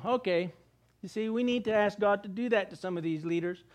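An older man preaching a sermon as pastor, animated, asking rhetorical questions and acting out the quotes. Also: high-pitched, fairly quick.

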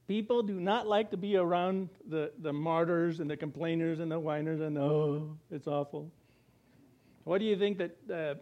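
A middle-aged man preaching a sermon in church, animated and laughing, now and then mimicking gloomy complainers. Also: high-pitched. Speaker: pastor.

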